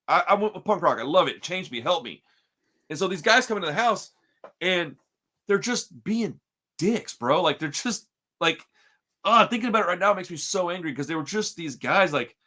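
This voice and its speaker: Bright-voiced man telling a wild story. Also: sits high. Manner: animated, profane, says "dude" constantly. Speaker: podcast host. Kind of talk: casual storytelling chat.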